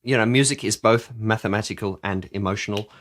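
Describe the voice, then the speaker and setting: A man's voice: fairly low pitch, a little fast, fairly bright tone. A man reviewing and explaining an album's keyboard parts, talking casually and enthusiastically with many restarts. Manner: enthusiastic, rambling with restarts, sings along. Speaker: music reviewer.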